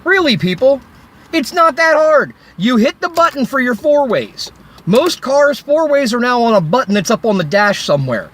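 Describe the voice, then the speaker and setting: Very high-pitched and a bit bright, a man vlogs from beside a road in an angry rant into his phone. He's livid, swearing a lot and speaking sarcastically.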